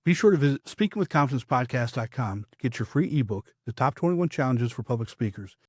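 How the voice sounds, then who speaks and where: A man coaching public speaking in a scripted podcast, with a measured, emphatic delivery and firm downward endings. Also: mid-range voice, animated, darkish tone, husky, no echo, studio quality.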